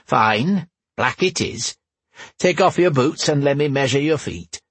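A man's voice: mid-range voice, animated, unhurried, breathy edge, no echo, voice pushed up. A male narrator voicing a grumpy, grey-haired old cobbler who talks bluntly and grumbles. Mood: gruff. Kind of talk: audiobook character voice.

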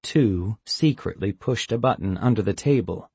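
A man narrating an audiobook in a measured, expressive way. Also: fairly low pitch, vocal fry, breathy edge, dry recording.

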